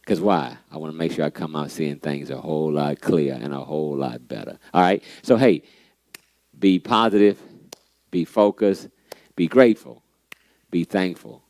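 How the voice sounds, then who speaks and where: A man hosting a motivational church pep talk, animated and preachy, often saying "man" and repeating key lines for emphasis, with a playfully sarcastic edge. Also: rumbling low, normal speed, no echo.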